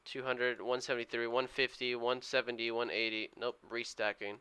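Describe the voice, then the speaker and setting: Narrating his live day trades to viewers, a man eagerly calls the action and cheers the price along. His mid-range voice holds a level tone at a moderate pace, pushed and bright yet smooth.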